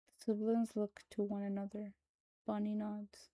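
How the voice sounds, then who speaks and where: Soft-spoken woman reading horror. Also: mid-range voice, completely flat delivery, a little slow, no room sound, poor audio. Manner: hushed, soft-spoken, drops to whispers. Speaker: narrator. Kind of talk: scripted horror story reading.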